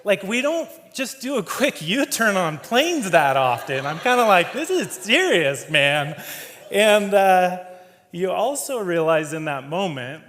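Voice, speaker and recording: A man's voice: sits high, big pitch swings, a little slow, fairly bright tone. A man giving a humorous, conversational storytelling talk on stage as a keynote speaker. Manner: conversational and humorous, laughs often. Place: large event hall. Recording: long hall reverb.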